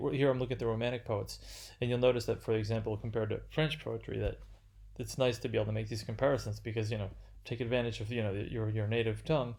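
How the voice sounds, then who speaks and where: A man giving an unscripted literature lecture, halting and full of fillers and restarts. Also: mid-range voice, gravelly, a little mellow.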